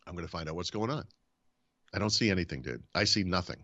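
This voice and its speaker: Deep-voiced man telling a lively story. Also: quick pace, highs cut off. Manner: animated storyteller, acts out quoted dialogue. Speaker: podcast host. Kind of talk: casual chat, storytelling.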